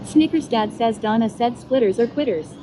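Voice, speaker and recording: A synthetic woman's voice reading viewers' chat messages aloud in a flat, even delivery. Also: on the high side, moderate pace. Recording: noisy outdoor stream audio.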